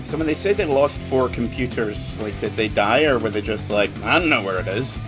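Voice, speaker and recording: A man's voice: on the low side, lively intonation, brisk. A man co-commentating on a let's play, tossing in wry, joking asides in a casual chat. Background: game music.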